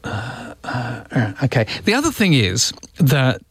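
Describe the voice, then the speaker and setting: A man's voice: medium pitch, sing-song, slow, slightly rough, no room sound. A man hosting a radio show, chatting casually and poking fun at himself. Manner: self-mocking, joking. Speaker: radio host. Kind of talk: casual on-air chat. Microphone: studio microphone.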